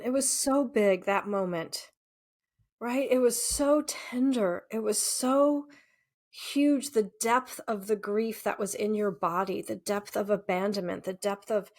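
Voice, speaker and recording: A middle-aged woman, a somatic healing practitioner, gently explaining things in a podcast chat and often checking in with "right?". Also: medium pitch.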